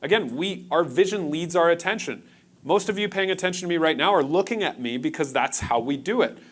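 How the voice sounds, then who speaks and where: A man's voice: a little high, expressive, brisk, fairly bright tone. Casual man giving a conference workshop. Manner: casual, engaging, jokes with the audience. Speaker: optometrist presenting a workshop. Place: conference room with live audience.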